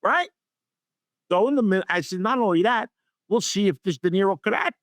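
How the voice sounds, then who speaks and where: Brief: older male actor guest, spins animated anecdotes, higher-pitched voice, dry close sound. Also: fairly quick, no room sound. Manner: animated anecdote-teller acting out dialogue. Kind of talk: storytelling interview.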